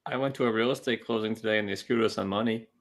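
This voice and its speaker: A man's voice: fairly low pitch, fairly even intonation, slight background noise. A man co-hosting a podcast, cutting in with wisecracking jokes in casual chat. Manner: wisecracking, quick joking interjections. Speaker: podcast co-host.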